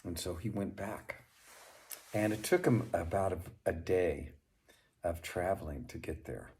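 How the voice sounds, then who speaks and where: A man narrating a folk tale as a storyteller, with unhurried delivery and chatty asides to the listener. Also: low-pitched, a little mellow.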